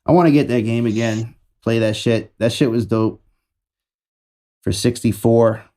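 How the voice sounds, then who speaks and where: Young male co-host, warm and mellow, slangy and profane, thinks aloud. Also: medium pitch, fairly even intonation, measured pace. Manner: loose, slangy, swearing, searches for words aloud. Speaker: podcast co-host. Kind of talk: casual chat.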